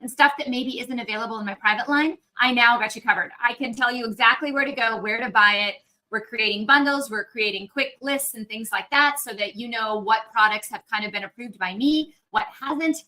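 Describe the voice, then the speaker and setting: A woman chats upbeat and casual on a livestream, speaking straight to her viewers. Her voice sits a little high and rings bright and forward. She has a frog in her throat and keeps clearing it. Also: fairly quick, poor audio. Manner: chatty and upbeat, talking to viewers. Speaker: naturopathic doctor hosting a live Q&A. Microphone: external microphone on a livestream.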